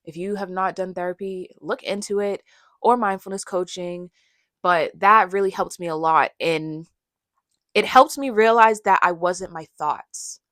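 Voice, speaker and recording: A woman's voice: lowish voice, steady tone, unhurried, a bit bright, no echo, clean studio sound. A young woman talking candidly to her camera about her own life, casual and reflective, sometimes acting out what she used to say. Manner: candid and conversational, acts out her own past voice. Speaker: vlogger. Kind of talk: personal storytelling monologue.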